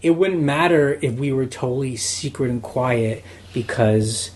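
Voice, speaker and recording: A man's voice: medium pitch, unhurried. A man co-hosting a casual podcast, rambling and full of "you know" and "like". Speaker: podcast co-host on reselling.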